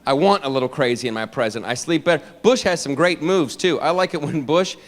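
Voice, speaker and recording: Animated stand-up comedian, man. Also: fairly high pitch, quick pace. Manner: animated, jumps into many character voices.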